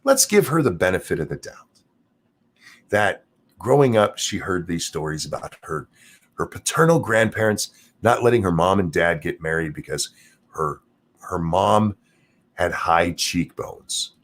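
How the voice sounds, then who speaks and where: A man hosts a live stream with expressive, moderately paced commentary. He rants and mocks in a casual, profane style, his pitch jumping suddenly as he goes.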